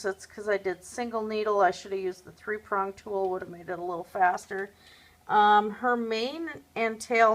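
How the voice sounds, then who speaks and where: A woman's voice: medium pitch, fairly bright tone. A woman chatting casually at home, showing her craft pieces to a phone camera, rambling with many fillers. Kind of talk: casual show-and-tell chat.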